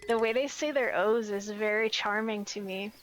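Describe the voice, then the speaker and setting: An American woman streams a game while chatting casually with viewers, reading their messages and often searching for her words. Her voice is medium-pitched at a normal speed, with slight background noise.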